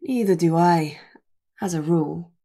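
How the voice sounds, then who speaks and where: A woman putting on a gruff Scottish ogre. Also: mellow. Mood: wry. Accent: light Scottish burr. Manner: slow, low-key, often half-whispered. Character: huge gruff male ogre, diffident, dry humour. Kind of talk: audiobook character voice.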